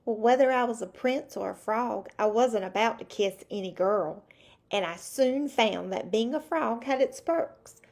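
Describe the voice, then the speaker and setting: A boastful young frog prince tells his side of the tale in a chatty, confiding way, as a woman reads him aloud from a picture book. The voice sits a little high. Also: a little slow, vocal fry, darkish tone.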